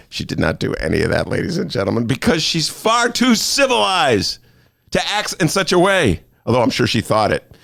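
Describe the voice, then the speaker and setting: A man's voice: medium pitch, huge pitch swings, moderate pace, vocal fry, a bit bright, dry recording. A man hosting a talk show in a studio, joking and self-mocking in a playful monologue. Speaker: host.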